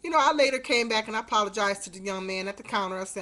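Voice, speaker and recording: This casual webcam monologue comes from a middle-aged woman vlogger whose mid-range voice is very fast, bright, and forceful. She rambles through her story with plenty of fillers and obvious exasperation, recorded on a webcam mic.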